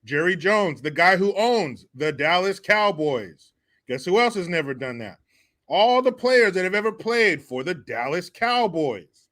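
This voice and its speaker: A man's voice: high voice, sing-song, a little slow, fairly bright tone. A man hosting a profane comedy commentary show, laughing often, cursing and mocking the clips he reacts to.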